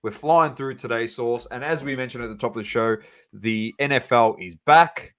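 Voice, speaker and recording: A man's voice: medium pitch, normal speed, fairly bright tone. A man co-hosting a sports podcast, running through scores casually with plenty of fillers and banter. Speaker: podcast co-host.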